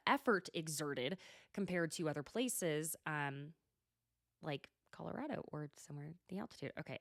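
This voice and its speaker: A young adult woman hosting a solo TV recap podcast, gossipy and animated, swearing freely and laughing often. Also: low voice, no room sound, studio quality. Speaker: podcast host. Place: lives at altitude, records at home.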